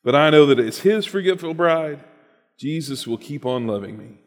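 A man's voice: on the high side, expressive, moderate pace. Earnest man reading in a reverberant space. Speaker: host reading a written story aloud. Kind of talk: earnest reading of a personal story, then reflection.

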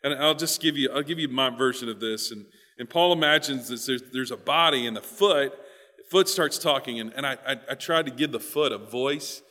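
Bright-voiced male pastor preaching. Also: mid-range voice, fairly quick, in a large hall. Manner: emphatic, repeats words, moves between quiet and loud. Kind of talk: sermon.

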